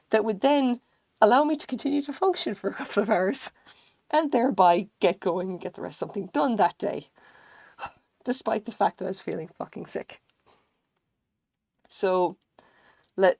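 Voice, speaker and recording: A woman's voice: medium pitch, creaky, a little mellow, no room sound. A woman streaming live, chatting casually with her viewers in a rambling way and swearing freely. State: recovering from illness, sense of taste dulled. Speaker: craft streamer.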